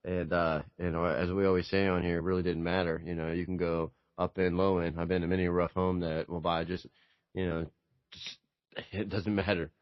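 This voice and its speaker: A man's voice: moderate pace, no room sound, dull audio. A man hosting a podcast, swapping sales stories in casual chat and acting out the people in them. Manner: animated storyteller, acts out quotes with big pitch jumps.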